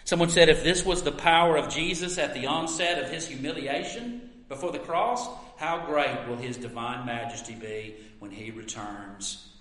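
A man preaching a sermon in an earnest voice, asking his listeners many questions and swinging between loud and soft passages. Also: mid-range voice, moderate pace. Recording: roomy hall with long echo.

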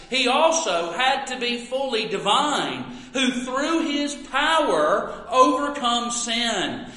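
Echoing, earnest male preacher. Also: high-pitched. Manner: earnest, with many questions to the listener, swinging from loud to soft. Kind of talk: sermon. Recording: roomy hall with long echo.

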